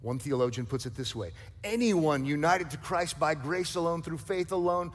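A man's voice: fairly high pitch, expressive, moderate pace, hardly any pauses, long reverb tail, faint music behind. A male pastor preaching a sermon, emphatic and conversational, with light jokes and asides. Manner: emphatic preaching with rising, forceful stresses.

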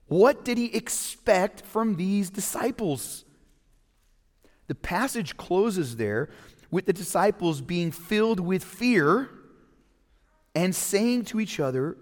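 A man preaching in an unhurried, conversational way, lingering on each quoted line of scripture. His voice sits a little high for a man. It rings out with a long reverb, as in a large church hall. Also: expressive. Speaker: pastor. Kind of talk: sermon.

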